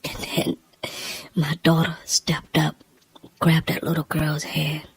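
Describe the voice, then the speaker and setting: Husky, breathy woman near tears. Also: low-pitched, completely flat delivery, no echo, low-quality recording. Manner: halting, hushed, often near a whisper. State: emotional, close to tears. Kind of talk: emotional first-person storytelling.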